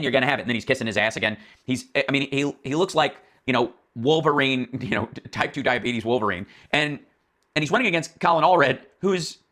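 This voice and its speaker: A man's voice: on the high side, a bit bright. A man hosting a political commentary stream, ranting in a profane, mocking, exasperated way with many restarts and asides.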